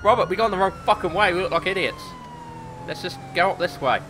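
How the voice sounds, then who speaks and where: A British man narrates his gameplay in a fast, excitable way, full of swearing and laughter. His voice sits a little high and leaps all over the place. Loud game noise runs beneath him. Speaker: gameplay commentator. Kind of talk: casual let's play commentary.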